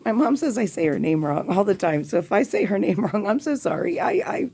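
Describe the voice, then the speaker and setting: A woman's voice: mid-range voice, big pitch swings, fairly quick, mellow, husky. A woman hosting her own podcast, delivering an impassioned, profane political rant with urgent emphasis. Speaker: podcast host.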